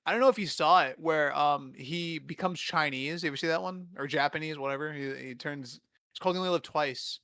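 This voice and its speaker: A man's voice: on the high side, a little fast, bright, forceful tone, no room sound, clean studio sound. A young man hosting a podcast, riffing in a rambling, profane way and laughing often. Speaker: podcast host. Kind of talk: casual comedic riffing.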